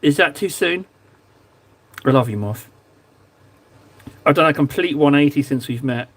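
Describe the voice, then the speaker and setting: A man's voice: on the high side, a little slow, fairly bright tone. A young man hosting a livestream, chatting casually and teasing his viewers in a playful, joking way while he paints miniatures. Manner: playful, teasing banter with chat. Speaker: livestream host.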